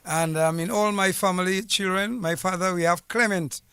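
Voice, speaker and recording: High-voiced man, clear and earnest. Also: moderate pace, bright, forceful tone, no echo. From Dominica. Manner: earnest, formal, discursive. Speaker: guest, former police officer. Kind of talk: radio interview, storytelling. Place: radio studio. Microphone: studio mic with headset.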